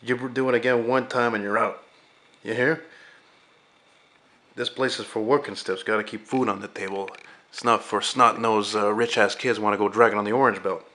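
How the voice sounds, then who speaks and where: A man's voice: fairly low pitch, steady tone, a little fast, few pauses, fairly bright tone. A man barking as a foul-mouthed junkyard boss. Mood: bullying. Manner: barking, scolding, swearing. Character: loud bullying older male junkyard boss.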